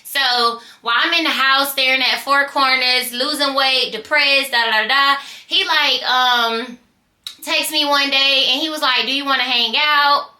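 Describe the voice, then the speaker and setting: A woman with a Southern US accent tells a casual storytime in an animated, slangy way, acting out the voices she quotes. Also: high voice, unhurried, echoey room. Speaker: storytime vlogger.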